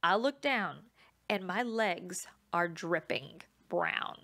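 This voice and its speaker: Brief: woman podcaster, bright forceful voice, casual self-deprecating storyteller who laughs a lot. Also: lowish voice, takes it slowly, vocal fry. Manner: chatty and self-mocking, laughs often. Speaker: podcast host.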